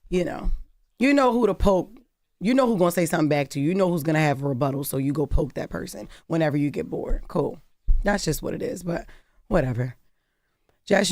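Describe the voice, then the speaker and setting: A woman from Maryland with a deep, raspy voice, co-hosting casual morning radio banter in a studio, animated and quick to laugh. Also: no echo. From Maryland, USA. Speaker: radio co-host. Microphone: studio microphone.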